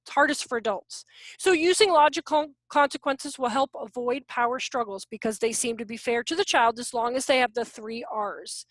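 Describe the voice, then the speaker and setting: Chatty high-voiced woman running a video workshop. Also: normal speed, a bit bright, no echo. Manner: chatty, acts out parent and child voices. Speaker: workshop presenter on parenting and teaching. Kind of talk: casual online workshop talk. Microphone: video call.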